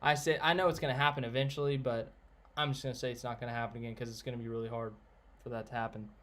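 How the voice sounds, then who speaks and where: On a live stream, a man chats casually, answering viewers, reading out chat names, and rambling through blunt opinions. His voice is medium-pitched and level, fairly bright, and very fast.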